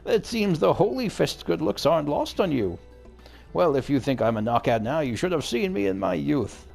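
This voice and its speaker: Guy doing a bragging old fighter, put-on old man voice, gravelly, game music faint behind. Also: a little high, big pitch swings, moderate pace, darkish tone, full character voice. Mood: gruff. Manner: hearty, self-satisfied.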